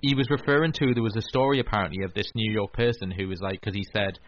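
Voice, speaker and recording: Low-pitched guy hosting a radio chat, rambly with lots of ums, kinda muffled recording. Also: fast. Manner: rambling, many restarts and fillers. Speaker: radio host. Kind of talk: casual chat. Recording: dull lo-fi recording.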